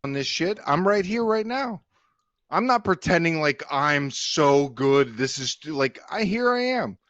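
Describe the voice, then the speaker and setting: A man's voice: on the high side, big pitch swings, unhurried, a bit bright, dry recording, dull audio. A man guest on a livestream panel, ranting angrily with lots of swearing and jeers. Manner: angry, profane, jeering rant. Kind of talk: heated livestream panel rant.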